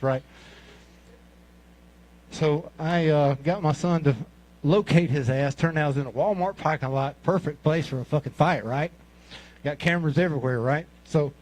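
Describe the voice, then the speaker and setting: A man in his sixties with a Mississippi Southern drawl tells rambling, profanity-laced stories in a stand-up set. His voice sits a bit high for a man, and his delivery is crude, loose and conversational. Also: darkish tone, low-quality recording. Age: 60s. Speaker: amateur comic at a talent show. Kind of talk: stand-up storytelling.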